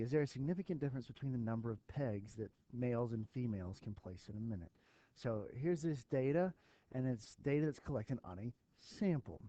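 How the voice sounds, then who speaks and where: A man's voice: medium pitch, dark tone, highs cut off. A man teaching a recorded statistics lesson, thinking aloud with fillers as he works through an example for his students. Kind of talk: recorded math lesson walkthrough.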